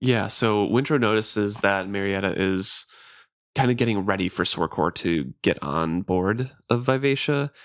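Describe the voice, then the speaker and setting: A man co-hosts a book podcast and walks through the plot in easy, conversational explanations. His voice sits low and is recorded close with no room sound. He reads passages aloud in the same relaxed manner. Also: a little slow, no echo. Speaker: podcast co-host. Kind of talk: casual book discussion and reading aloud.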